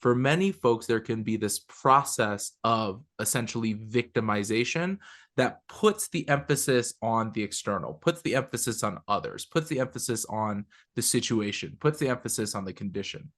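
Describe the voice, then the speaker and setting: Emphatic male podcast co-host, animated and casual in manner. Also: on the low side, moderate pace. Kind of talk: conversational talk.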